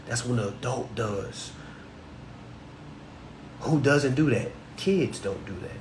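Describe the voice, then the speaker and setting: A man's voice: medium pitch, lively intonation, slow pace, long pauses, darkish tone, roomy sound, slight background noise. A man in his thirties giving blunt, mocking talk on contracts, slipping into voices for imagined phone calls. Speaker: consumer finance commentator. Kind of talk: animated solo commentary.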